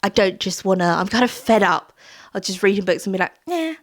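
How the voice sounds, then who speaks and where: Book vlogger, woman, mid-pitched, earnest and meandering, casual to-camera chat. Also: fairly even intonation, fast. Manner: heartfelt, rambling, with many fillers and restarts. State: tearful at times. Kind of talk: casual monthly reading wrap-up.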